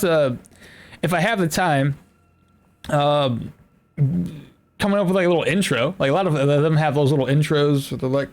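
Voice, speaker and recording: A young man casually commenting on his game for a live stream, reading chat aloud and rambling about builds. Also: a little high.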